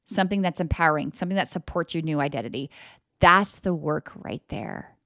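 A woman's voice: lowish voice, animated, a little fast, no room sound, studio quality. A woman hosting a motivational podcast as an energy coach, talking casually and emphatically and swearing freely. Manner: emphatic, swings into loud mock voices. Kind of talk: motivational solo podcast talk.

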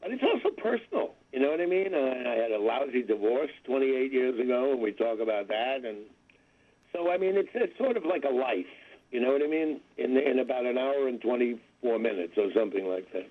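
Animated and brisk, a medium-pitched man in his seventies calls in by phone as a guest for an interview chat. He's a comedian who rambles with wry humor and makes fun of himself, all heard over a tinny line.

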